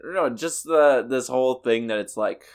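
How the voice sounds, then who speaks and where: A man's voice: mid-range voice, normal speed. A man in casual podcast chat, laid-back and rambling, often laughing.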